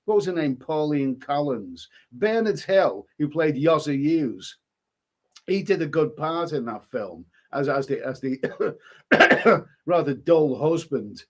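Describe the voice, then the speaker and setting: A man's voice: on the high side, expressive, slow pace. A man chatting casually on a live stream, reading out comments and rambling with frequent stumbles and repeated words. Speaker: livestreamer reading chat comments.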